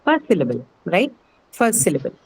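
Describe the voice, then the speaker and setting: A woman's voice: fairly low pitch, big pitch swings, moderate pace, slight background noise, poor audio. A woman teaching a class, patiently explaining and checking that students follow with frequent "okay"s. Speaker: English teacher. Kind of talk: live online class lecture.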